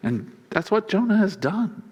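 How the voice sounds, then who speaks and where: A man's voice: high voice, normal speed, slightly rough. Joking, conversational man preaching. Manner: conversational and humorous, chuckling often; acts out quoted lines in a lively voice. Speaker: pastor. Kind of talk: sermon.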